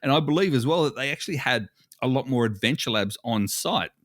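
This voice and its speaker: An Australian man co-hosting a podcast, chatting in a relaxed, agreeable way. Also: mid-range voice, brisk, no echo, clean studio sound. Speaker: podcast co-host. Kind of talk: casual chat.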